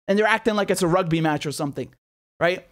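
A man's voice: high voice, fast talker. A man giving an angry political monologue, indignant and heated, firing rhetorical questions and repeating himself. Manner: swears and repeats words when worked up. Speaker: political commentator.

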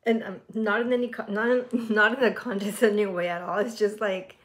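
A woman's voice: mid-range voice, fairly even intonation, brisk. A young woman hosting a casual reaction vlog from her room, chatty and gushing, with lots of fillers and giggles. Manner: frequent giggles while talking. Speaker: reaction video host.

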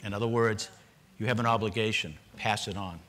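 A man's voice: on the low side, steady tone, a little fast, very noisy. An older man from Boston, a panelist at a public forum, telling a personal story earnestly, with repeated restarts.

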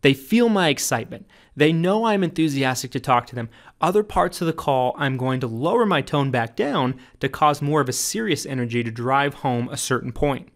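A man reads his own sales training book aloud in an emphatic, coaching tone. His voice sits at a middle pitch and jumps higher whenever he drives home a key point. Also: animated, moderate pace. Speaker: author narrating his own audiobook.

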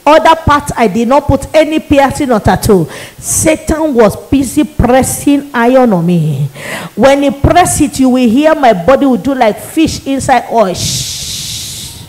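A woman evangelist gives an emotional testimony, pleading and often rising to shouts. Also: high-pitched, expressive, normal speed, low-quality recording. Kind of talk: impassioned testimony sermon.

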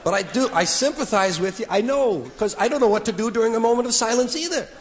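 The recording, noisy and live, catches a man in his forties doing stand-up for an audience, sardonic and dropping mock-solemn asides. He talks fast in an extremely high-pitched, expressive voice.

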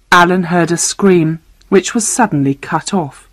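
Woman narrator, low voice, very slow, clear reading, dry close sound. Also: no echo, low-quality recording. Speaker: storyteller. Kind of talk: scripted narration of a graded reader.

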